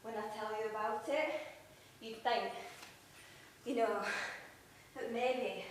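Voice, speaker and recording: A woman with a northern English Wigan accent delivers a theatre monologue in a slow, halting, chatty way, full of pauses. Her voice sits a little high. It is picked up from a distance in a very echoey hall over a faint hiss. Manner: halting, conversational, with many pauses. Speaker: stage performer. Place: arts centre theatre stage.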